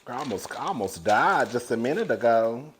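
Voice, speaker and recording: A man giving a casual, sassy recap of a reality show, laughing often and calling his viewers "girl" while swinging between loud and hushed. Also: mid-range voice, very animated, brisk, slight background noise.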